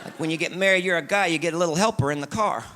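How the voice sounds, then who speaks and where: A man's voice: fairly high pitch, very fast, big-room sound, background noise. A man doing a stand-up routine about married life on a comedy club stage, acting out both sides of the banter. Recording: live club with loud crowd laughter.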